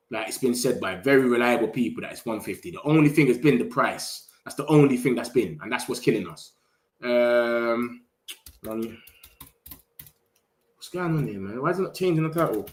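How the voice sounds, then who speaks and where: A young man hosting a casual live stream, chatting excitedly and in slang straight to his viewers. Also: mid-range voice. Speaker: football livestream host.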